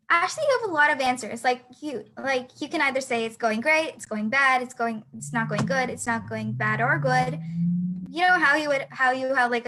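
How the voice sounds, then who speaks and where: Teenage girl, high voice, bright tone, hesitant, lots of fillers, video call lesson. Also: a little hiss or hum, rough recording. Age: teens. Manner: hesitant, many fillers and restarts. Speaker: student teacher. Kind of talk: online class lesson.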